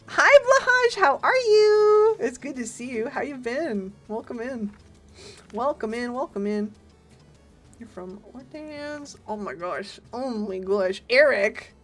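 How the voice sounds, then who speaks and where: Lively, giggly woman streamer. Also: medium pitch. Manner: giggly, playful, talks to chat. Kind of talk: casual gaming stream chat. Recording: faint game music behind.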